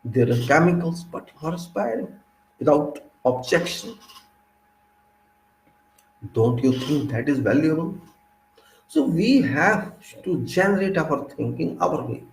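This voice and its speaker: A man with an Indian English accent delivering a preachy lecturing monologue, full of rhetorical questions and sudden emphatic jumps in pitch. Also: expressive, unhurried, vocal fry, long pauses, roomy sound, slight background noise, poor audio. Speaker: speaker of a commentary channel.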